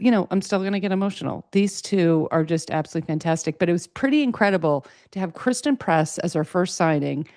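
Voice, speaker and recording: This woman hosts a sports podcast, and her deep, darkish voice comes through a dry, studio-quality recording. She chats casually and gets emotional as she gushes.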